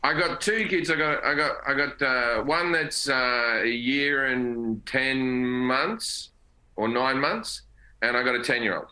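A middle-aged man chats as a podcast guest, his voice very bright and ringing. He tells stories in a jokey, easygoing way and laughs often. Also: mid-range voice, a little slow, poor audio. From Australia. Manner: chatty, jokey storyteller who laughs often. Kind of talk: casual podcast chat.

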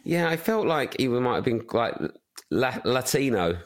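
A man co-hosting a comedy podcast, worn out and hungover after a long day. He rambles through his story in a casual, chatty way and laughs often. His voice sits at an ordinary, middle pitch. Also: lively intonation, moderate pace. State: tired and hungover. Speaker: podcast co-host.

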